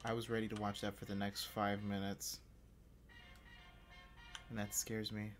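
A man giving casual, profane gameplay commentary, swinging between low mumbling and excited yelps. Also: a little slow, loud music behind the voice. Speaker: game streamer.

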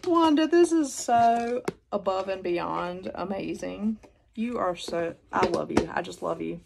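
A woman's voice: mid-range voice, animated, unhurried, creaky, background noise. A woman with a Southern US accent from North Carolina, chatting casually and gushing as she unboxes gifts at home for her vlog. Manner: gushing, exclamatory, addresses viewers as y'all. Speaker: haul vlogger. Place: indoors at home, seated in a chair. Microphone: phone.

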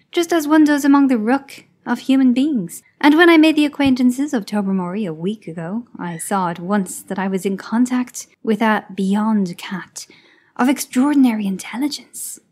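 A woman's voice: on the high side, a little mellow, close to an everyday voice. A woman voicing a patient, self-satisfied male scientist who lectures in a read-aloud story.

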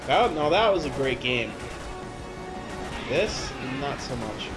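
A man's voice: mid-range voice, very animated, slow pace. A man playing a video game and commenting casually, exasperated and swearing often, with game music behind him. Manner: exasperated, swears a lot, yelps in frustration. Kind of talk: casual let's-play commentary.

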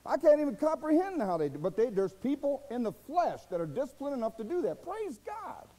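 Folksy male preacher, lively and mellow. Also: fairly quick, low-quality recording. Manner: folksy, colloquial preaching with asides and laughs; swings from low murmurs to loud, high bursts. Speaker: pastor. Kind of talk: sermon.

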